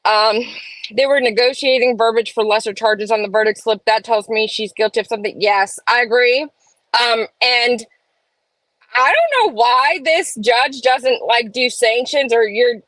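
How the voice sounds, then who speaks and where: Casting: woman, slightly high voice, chatty live-stream host, dry close sound. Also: measured pace, a bit bright, no room sound, poor audio. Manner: chatty, reads chat aloud, opinionated asides. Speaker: livestream host. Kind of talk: casual live-stream chat. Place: home room.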